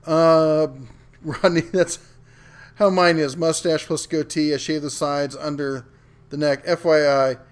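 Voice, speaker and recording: A middle-aged man hosts a casual livestream, his voice sitting a little high for a man. He chats loosely, stopping to read viewer comments aloud, often filling gaps with ums and restarts. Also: flat delivery, a little slow, smooth. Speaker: host of a live tool show reading chat.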